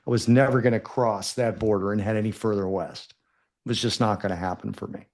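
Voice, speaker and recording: A man's voice: lowish voice, fairly quick. A man telling a long casual story on a podcast, swearing freely and acting out both sides of the conversation. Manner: animated, profane anecdotes with acted quotes. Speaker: podcast guest.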